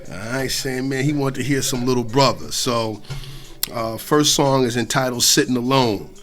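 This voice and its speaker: A middle-aged man from New York State hosting a hip-hop radio show, talking loosely between songs with slang, swearing and shout-outs. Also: mid-range voice, moderate pace.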